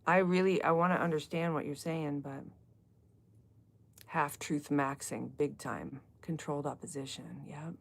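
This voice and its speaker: Low gravelly woman chatting live. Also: fairly even intonation, measured pace. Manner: chatty, talks straight to chat viewers, drifts between topics. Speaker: livestream book club host. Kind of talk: casual live chat reading comments.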